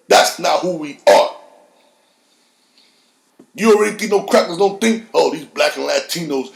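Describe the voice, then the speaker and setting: A middle-aged man hosting a podcast, delivering a heated, profane solo rant that swings from low mutters to high shouts. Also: vocal fry, reverberant. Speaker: podcast host.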